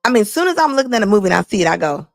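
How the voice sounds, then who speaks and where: Blunt gravelly woman commentator. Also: a little high, very animated, racing, dry recording, studio quality, faint music behind. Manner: blunt, emphatic, repeats lines for effect. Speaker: commentary host. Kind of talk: casual reaction commentary.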